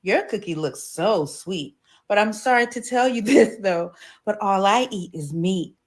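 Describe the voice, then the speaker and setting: A woman voicing Neil, a friendly man, in a lowered storybook voice. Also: animated, unhurried, lightly acted. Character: nice young man Neil, meat eater.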